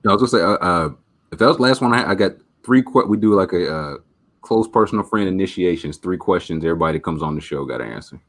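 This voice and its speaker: A man's voice: low voice, lively intonation, fast talker, a bit bright. A man hosting a podcast, bantering casually and cracking laid-back jokes. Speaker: podcast host. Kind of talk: casual chat.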